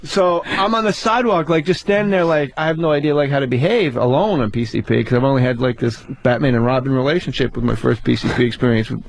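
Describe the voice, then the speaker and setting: A man's voice: medium pitch, fast, gravelly, few pauses. A man casually telling a profane, laugh-filled anecdote to friends. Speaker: podcast host telling a story. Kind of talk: casual storytelling among friends.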